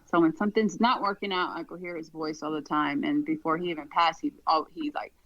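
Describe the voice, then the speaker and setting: A woman guest on a podcast, talking in a relaxed, rambling way with lots of fillers. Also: low voice, a little fast, no room sound, muffled recording. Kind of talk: casual conversation.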